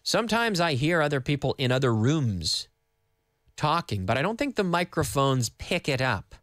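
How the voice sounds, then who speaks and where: A man from Nova Scotia teaching English on live radio from a studio microphone, patiently repeating words slowly for learners. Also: fairly high pitch, big pitch swings, a bit bright, dry recording. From Canada (Nova Scotia).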